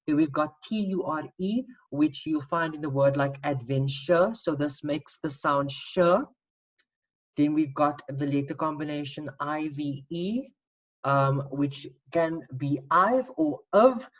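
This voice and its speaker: A woman's voice: low-pitched, unhurried, highs cut off. A woman teacher giving an online spelling lesson, patiently spelling out letters and repeating sounds.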